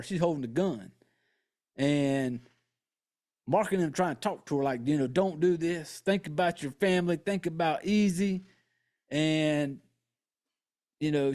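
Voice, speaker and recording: Excitable, profane man recapping a movie. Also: fairly high pitch. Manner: acts out characters' lines in quotes. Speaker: podcast host.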